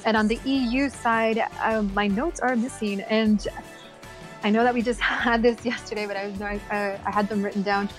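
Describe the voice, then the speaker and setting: A woman's voice: medium pitch, steady tone, normal speed, faint music behind. A woman casting an esports tournament, chatty and upbeat, laughing often. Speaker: esports caster.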